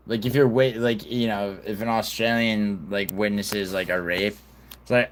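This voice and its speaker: A man's voice: lowish voice, steady tone, moderate pace. A man hosting a casual livestream, rambling and swearing, full of fillers and restarts. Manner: reads news reports aloud. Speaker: livestream host.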